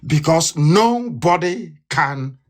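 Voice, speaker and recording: A man's voice: a little high, lively intonation, slow pace. A man with a Nigerian accent giving a fiery, repetitive political radio broadcast live, hammering his points home with emphasis.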